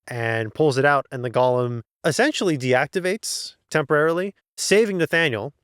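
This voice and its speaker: A man's voice: fairly high pitch, expressive, normal speed, a bit bright, smooth, no room sound, studio quality. A man co-hosting a podcast, casually recapping a novel's plot and acting out the characters' lines. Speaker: podcast co-host. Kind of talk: casual book recap chat.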